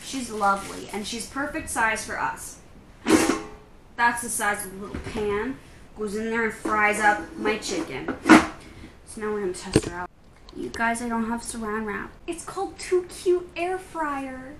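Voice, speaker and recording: A young woman vlogging in a casual, chatty way, telling stories with lots of "like" and quick laughs. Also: medium pitch, reverberant, very noisy. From Canada. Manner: bubbly, chatty storytelling with frequent "like" and laughs. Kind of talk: casual vlog chat.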